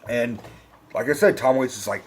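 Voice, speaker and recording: A middle-aged man hosting a vlog, ranting about a movie in a profane, rambling, excitable way. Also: mid-range voice, moderate pace, husky. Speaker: vlog host.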